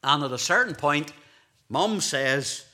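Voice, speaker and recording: A middle-aged Scottish minister delivers a sermon with a bright, forward tone. His pitch rises and falls widely as he tells stories. He acts out the voices of the people in his anecdotes. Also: slow pace. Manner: animated storytelling, acting out voices in anecdotes.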